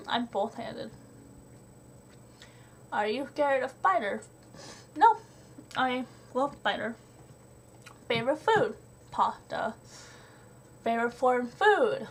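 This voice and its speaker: A woman's voice: high-pitched, a little hiss or hum. A young woman answering a list of questions in a home vlog, hesitant with lots of ums and little laughs. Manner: hesitant, many ums, giggly. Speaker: vlogger. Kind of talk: question-and-answer tag video.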